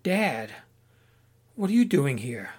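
A man's voice: mid-range voice, very animated, slow pace, darkish tone, husky, full character voice. A man voicing a weary, devout young pilgrim in a storybook, speaking earnestly and plainly.

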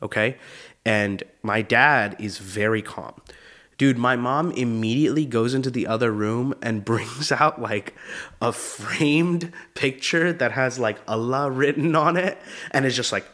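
A man's voice: mid-range voice, measured pace, fairly bright tone. Young guy comedian telling funny stories, says dude a lot, keeps cracking himself up, regular mid voice. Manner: casual, slangy, says "dude" often; laughs while telling stories. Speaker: comedian and show host. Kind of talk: comedic storytelling monologue.

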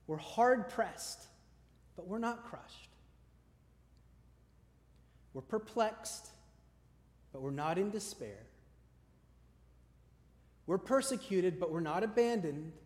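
A male pastor preaching a sermon with emphatic repeated lists, dropping to a soft conversational tone when he tells stories. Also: high voice, animated, slow pace, pauses often. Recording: long hall reverb.

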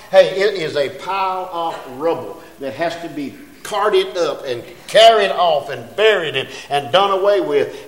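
A man delivers a sermon. His voice sits a little high, and his homespun, conversational storytelling climbs into emphatic preaching. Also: a bit bright. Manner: folksy, rising to emphatic preaching.

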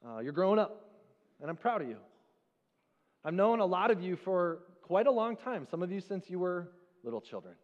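Pastor guy giving a sermon, pretty high voice, chatty storyteller, long church echo. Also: normal speed, dull audio. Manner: conversational, animated storytelling. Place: church sanctuary.

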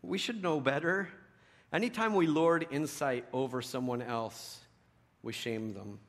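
A middle-aged man preaching a sermon in a conversational storytelling way, dropping to a hush and rising to loud emphasis. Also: medium pitch, a little slow. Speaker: pastor.

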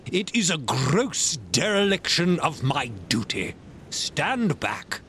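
A man reading the part of a stern, outraged gentleman squire in an audiobook, pressing each word out slowly with a rising, animated pitch. The voice sounds a little set back from the mic. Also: slight background noise, heavily acted. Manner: stern, outraged, slow emphatic delivery.

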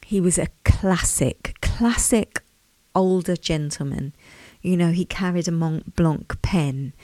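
A woman's voice: lowish voice, takes it slowly, a little mellow, no room sound. A woman, hosting a podcast and telling a reflective story in a chatty way, speaking directly to her listeners. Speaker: podcast host. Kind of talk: casual storytelling monologue.

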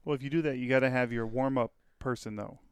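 Male podcast guest, easygoing, smooth clear voice, dry close sound. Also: mid-range voice, fairly even intonation, fast, no echo. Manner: friendly, easygoing, chuckles often. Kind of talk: casual chat.

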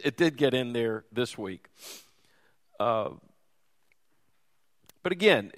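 A man's voice: mid-range voice, in a large hall. A man preaching a sermon as teaching pastor, in a conversational, folksy way. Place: church sanctuary.

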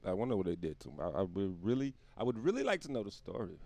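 A man's voice: low voice, big pitch swings, fast talker, warm tone, no echo. Guy riffing a cussy comedy monologue solo, voice jumps all over, dry close mic. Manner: rambling, profane, laughs at his own jokes.

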